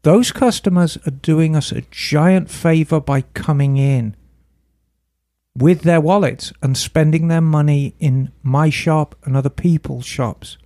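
A woman's voice: low-pitched, unhurried, warm tone, no room sound, studio quality. A woman who runs a motorcycle shop, co-hosting a podcast in frank, chatty talk and laughing easily. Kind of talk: casual podcast chat.

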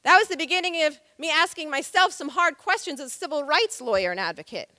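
A woman's voice: sits high, animated, quick pace, bright, forceful tone, dry recording, clean studio sound, big-room sound. A woman civil rights lawyer telling a story on stage, vivid and dramatic. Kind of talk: storytelling talk.

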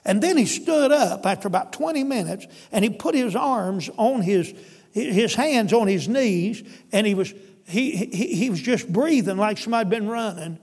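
A man's voice: sits high, lively intonation, moderate pace, a little mellow, slightly rough, in a large hall. A male pastor telling a story in a folksy, emphatic sermon. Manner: folksy, emphatic, addresses listeners as brother.

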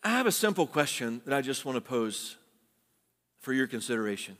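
A man's voice: mid-range voice, big pitch swings, brisk, fairly bright tone. A man preaching a sermon as pastor, earnest and exhorting, building in emphasis as he makes his points. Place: church sanctuary. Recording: long hall reverb.

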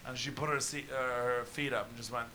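A man from Canada telling crude comic stories in casual chat, loud and full of swearing and laughter. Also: medium pitch, fairly even intonation, a little fast. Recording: live audience laughter behind. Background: audience laughing.

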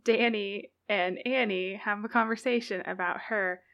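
A woman co-hosting a podcast who retells a book's plot in a casual, animated way and is quick to laugh. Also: medium pitch, creaky, dull audio. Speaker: podcast co-host. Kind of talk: casual book-discussion chat.

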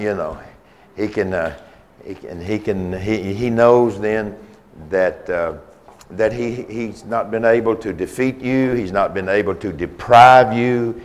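A man preaching a sermon with a Southern US accent, earnest and repetitive, restarting phrases for emphasis. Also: fairly low pitch.

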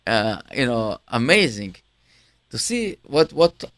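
Man, lively pitch, halting repeats, casual talk. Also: dry recording. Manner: halting, repeats words, grows animated telling stories. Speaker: host. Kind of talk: casual chat.

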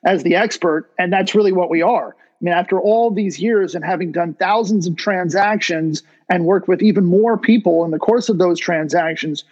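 A man hosting an interview show, talking in a relaxed way with plenty of "you know" and "uh". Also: sits high, moderate pace, hardly any pauses, lo-fi sound. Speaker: podcast host.

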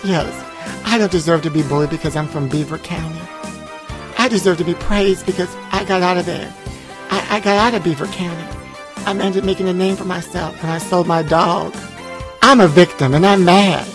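A woman's voice: lowish voice, steady tone, fairly quick, music in the background. A woman in a comedy sketch, ranting indignantly and pitying herself as a victim. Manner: indignant, self-pitying rants. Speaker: comedic guest.

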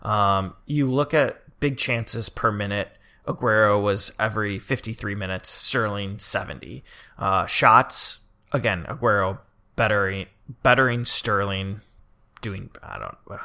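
A man's voice: on the low side, a little slow, bright, forceful tone. A man co-hosting a casual podcast, rambling eagerly as he talks through his reasoning. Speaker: podcast co-host.

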